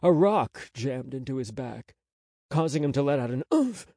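A man narrating an audiobook in a measured, unhurried storytelling manner on a close studio mic. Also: medium pitch, mellow, no room sound. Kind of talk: scripted narration.

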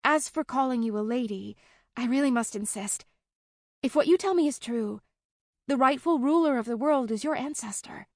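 A woman voicing a courteous young woman companion who speaks gently and a little wryly. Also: sits high, normal speed, no room sound, studio quality, pitched above the performer's own voice. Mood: earnest.

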